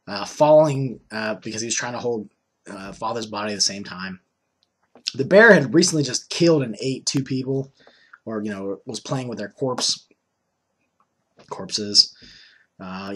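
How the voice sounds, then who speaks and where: A man recaps a tabletop role-playing session in a casual, rambling way, leaning on fillers as he goes. His voice is bright and forceful at an ordinary pitch. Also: husky.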